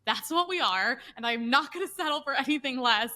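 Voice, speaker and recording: A woman's voice: high-pitched, lively intonation, brisk, bright, forceful tone. A woman co-hosting a podcast, talking politics in a blunt, heated, profane way. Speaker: podcast co-host. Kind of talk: casual political chat.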